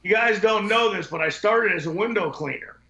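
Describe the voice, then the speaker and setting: A high-sitting voice with vocal fry, moving a little fast, belongs to a podcast guest who runs a window cleaning business. His casual stories are blunt, profane, and rambling; there is background noise, and the recording is echoey and dull lo-fi.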